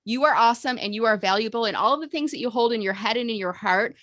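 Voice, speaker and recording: A woman's voice: on the high side, fast, fairly bright tone, no echo. Woman, motivational host, encouraging, leads group mantras, video call, dry close sound. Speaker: host of a job seeker video meeting. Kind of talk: upbeat motivational coaching.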